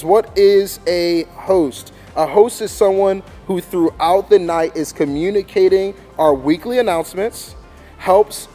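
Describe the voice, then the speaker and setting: Guy with a high voice teaching kids how to host, punchy and animated, keeps saying okay, soft music behind. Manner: animated, emphatic, demonstrates with mock announcements; checks in with frequent "okay?". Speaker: youth ministry leader training hosts. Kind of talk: training talk to volunteers.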